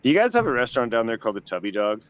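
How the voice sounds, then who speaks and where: A man from Canada chatting casually as a podcast co-host, laid-back and quick to laugh. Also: medium pitch, sing-song, clean tone. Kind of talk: casual chat. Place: home, near a deck. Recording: dull lo-fi call audio.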